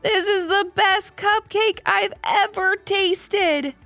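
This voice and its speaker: A woman voicing a sweet little girl in a children's storybook reading, with a high, bubbly delivery. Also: wildly swooping pitch, moderate pace, a bit bright, no echo, soft background music, heavily acted. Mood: happy.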